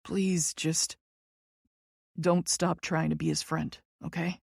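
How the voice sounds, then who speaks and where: A woman voicing a gentle, earnest young man who speaks reassuringly. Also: low voice, level tone, slow, creaky, slightly rough, no echo, studio quality, exaggerated voice.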